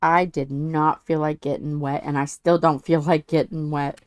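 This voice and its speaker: A woman's voice: low voice, level tone, normal speed, darkish tone, smooth, no room sound. A woman with a stuffy head cold chatting casually with viewers while she works on a craft, rambling and tripping over some words. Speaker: diamond painting channel host.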